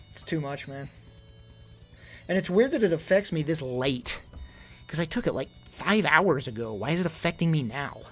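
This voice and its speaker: A young man streaming live in casual chat, out of breath, rambling and worried, swinging between loud emphasis and low mutters. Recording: faint music behind.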